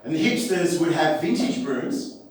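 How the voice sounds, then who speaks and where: High-voiced comedian in an echoey room. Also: male voice, big pitch swings, normal speed, a little mellow, slight background noise. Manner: chatty, self-deprecating asides, laughs at own jokes. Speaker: stand-up comedian. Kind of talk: live stand-up comedy in character. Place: comedy festival stage before a live audience. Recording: echoey venue, mic at a distance.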